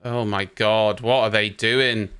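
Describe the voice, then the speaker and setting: A man's voice: on the low side, fairly even intonation, takes it slowly, fairly bright tone, clear, resonant tone. A young man hosting a race watchalong, giving live reaction commentary in an exasperated, ranting way and swearing casually.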